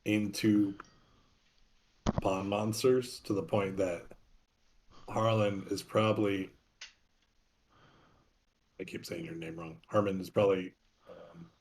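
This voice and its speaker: Low-ish voiced guy at the game table, kinda hesitant, lots of ums. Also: steady tone, slow pace, long pauses, darkish tone. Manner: hesitant, full of fillers. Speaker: player. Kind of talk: casual chat at a tabletop game.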